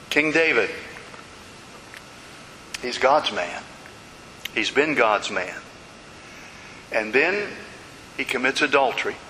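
A man delivers a sermon in a slightly high, forceful, bright voice, retelling stories dramatically and circling back to repeated refrains. The sound carries a long hall reverb and a faint hiss. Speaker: preacher.

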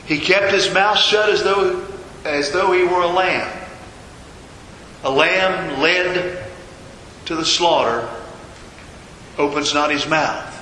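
A man preaching a sermon as a pastor, telling a story with dramatic pauses and repetition. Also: fairly high pitch, sharp tone. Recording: echoey hall with long reverb, faint noise.

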